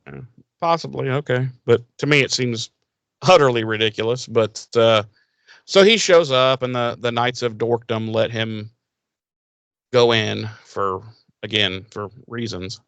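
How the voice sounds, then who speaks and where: A man in a casual recap chat, sarcastic and swearing freely, slipping in quick impressions of the characters. His voice sits in a middling pitch. The recording is close and dry, with no room sound. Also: creaky, fairly bright tone, clean tone, dry recording. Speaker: podcast co-host.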